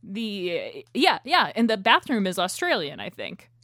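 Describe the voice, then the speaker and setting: A woman co-hosting a podcast in casual chat, animated and laughing often, often restarting her sentences as she talks into a shared microphone. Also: mid-range voice, measured pace, no echo, studio quality. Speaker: podcast co-host. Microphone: shared single microphone.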